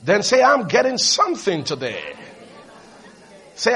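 A man preaching a sermon, leading the congregation to repeat his lines and building up to shouted emphasis as he tells stories. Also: high-pitched, big pitch swings, moderate pace, pauses often, husky. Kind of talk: sermon with call-and-response.

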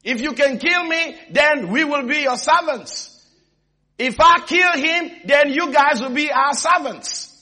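A man's voice: very high-pitched, a little slow, pushed and bright, voice pushed up, exaggerated voice. A male preacher acting out a boastful giant warrior who taunts his enemies in a sermon. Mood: taunting.

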